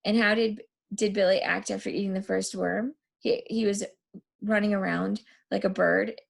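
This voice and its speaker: Woman teacher, gravelly, husky, reading aloud to a class, relaxed, thinking aloud. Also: mid-range voice. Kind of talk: reading a novel aloud and quizzing students.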